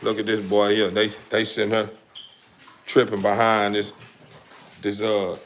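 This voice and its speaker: A man's voice: on the low side, monotone, measured pace, noisy background. A man livestreaming casually about his dogs, with a rambling, laid-back manner. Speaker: dog breeder livestreaming. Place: home kennel with dogs.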